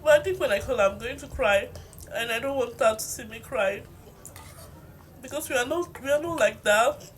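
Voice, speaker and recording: A woman's voice: fairly high pitch, expressive, normal speed, slight background noise. Woman in her twenties venting rambly. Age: 20s. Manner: rambling, confessional, sometimes childlike. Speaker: vlogger. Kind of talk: casual venting monologue to camera while eating.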